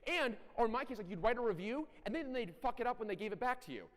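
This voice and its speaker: A middle-aged man giving a conference talk, animated and blunt, with self-deprecating asides and occasional profanity. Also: sits high, quick pace, hardly any pauses. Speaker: conference speaker. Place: large conference hall. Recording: echoey hall.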